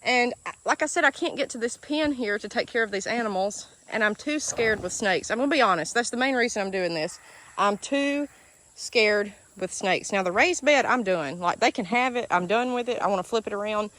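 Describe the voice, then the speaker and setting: A woman's voice: on the high side, brisk, a bit bright, a little hiss or hum. A woman with a Southern US accent from Alabama, chatting emotionally to viewers while walking outdoors through her garden. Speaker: homestead vlogger. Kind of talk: casual vlog, walking tour of garden. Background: chickens and ducks, outdoor ambience.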